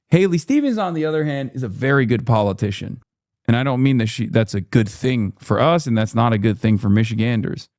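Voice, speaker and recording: A man's voice: mid-range voice, lively intonation, a little fast, a little mellow, no room sound, clean studio sound. A man giving blunt, profane, exasperated commentary on a live-stream reaction show. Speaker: political commentator.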